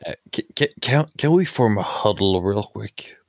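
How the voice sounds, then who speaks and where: Man tabletop player, very low voice, dry close sound, goofy deadpan delivery. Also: normal speed, no echo. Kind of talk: in-character tabletop play.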